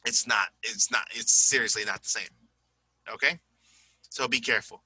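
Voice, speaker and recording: A man's voice: medium pitch, brisk, pushed and bright, slightly rough, no echo, low-quality recording. A tired man teaching an English lesson, chatty and repeating examples aloud. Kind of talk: recorded classroom lesson.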